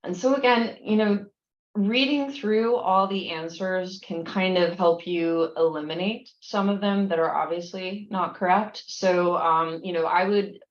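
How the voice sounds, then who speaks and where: A woman's voice: fairly low pitch, fairly even intonation, unhurried, reverberant, muffled recording. A woman explaining nursing exam questions, reading each one aloud and then walking through the answers patiently, with frequent restarts.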